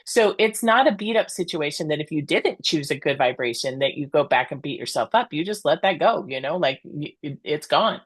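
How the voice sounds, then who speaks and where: Earnest woman guest, low dry voice. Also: lively intonation, a little fast, hardly any pauses, slightly rough, dry recording. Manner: earnest, reflective, motivational. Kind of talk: casual chat.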